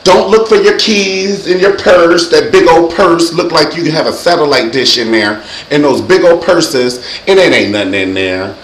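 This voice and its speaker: A man hosting his own show, giving comedic safety advice in a sassy, animated way and acting out loud yells. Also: on the high side, moderate pace, few pauses, echoey room, a little hiss or hum, rough recording. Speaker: vlog host.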